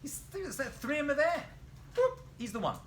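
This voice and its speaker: A man, a rabbi, teaching a lively Bible lesson in a classroom, telling the story with animation and quizzing his students. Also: very high-pitched, a little fast, a little hiss or hum.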